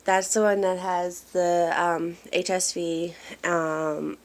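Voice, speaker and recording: A mother gives a family update in a casual home vlog, filmed on a handheld phone in a dim room. Her voice is lowish and level, her pace slow, and she rambles apologetically with plenty of fillers.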